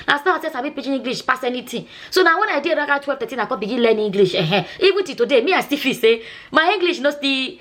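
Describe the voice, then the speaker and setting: A Nigerian woman vlogger and nurse chatting casually, telling a long story in Nigerian Pidgin and often asking "you understand?". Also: sits high. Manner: chatty, repeats herself, asks "you understand?".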